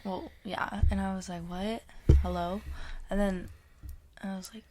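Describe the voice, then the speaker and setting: A young woman co-hosting a podcast, telling a creepy story in casual chat and dropping into hushed whispers for suspense. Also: on the low side, steady tone, moderate pace, slight background noise. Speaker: podcast co-host.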